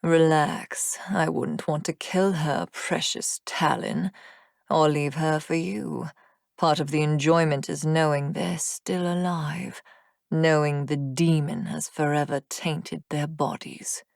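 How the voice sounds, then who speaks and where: A woman narrator voicing a cold, mocking young male demon warrior in an audiobook, speaking slowly and in a hushed, smirking tone. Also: fairly even intonation, vocal fry, no echo, clean studio sound, exaggerated voice. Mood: taunting. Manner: slow, smirking, low and hushed. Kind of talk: audiobook character voice.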